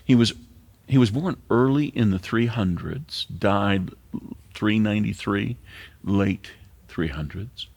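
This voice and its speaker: A man's voice: on the low side, slow pace, darkish tone, no echo. An older man preaching a sermon as pastor, earnest and heartfelt, sometimes dropping to a near-whisper for emphasis. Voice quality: gravelly, husky voice.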